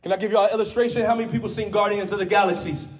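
A man. He moves from soft, low teaching into loud call-and-response shouts. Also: steady tone, rapid-fire. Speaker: preacher. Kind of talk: sermon.

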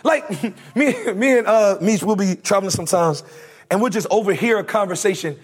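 A man's voice: sits high, normal speed, husky. A male preacher giving a conversational, slangy sermon, leading the congregation in call-and-response.

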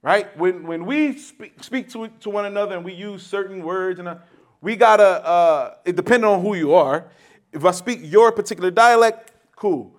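A man with a high voice delivers a sermon, explaining a passage point by point. He leans into key words, restarts phrases and checks in with the congregation as he teaches. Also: moderate pace. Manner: emphatic teaching with frequent restarts and rhetorical "right?". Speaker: preacher.

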